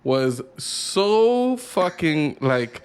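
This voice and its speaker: A man's voice: on the high side, very animated, extremely slow, smooth. A man co-hosting a gaming podcast, rambling in casual chat with lots of swearing and restarts. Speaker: podcast co-host.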